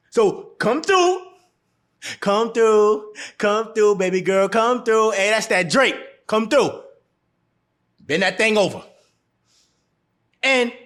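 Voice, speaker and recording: In a casual monologue to camera, a man with a very high, fairly bright voice dishes out blunt relationship advice. Frequent laughter punctuates his talk, and he keeps repeating phrases to make his points land.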